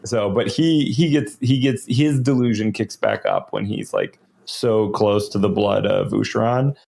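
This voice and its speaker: A man co-hosting a podcast, retelling a story in casual lore chat, animated and full of "like"s and fillers. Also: lowish voice, measured pace, vocal fry, breathy edge. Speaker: podcast co-host.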